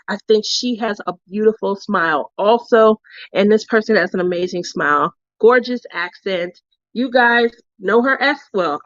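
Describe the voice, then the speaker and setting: A woman's voice: medium pitch, no echo, muffled recording. A woman vlogger telling a craft retreat story in a casual way, laughing often between sentences. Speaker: crafting vlogger giving awards.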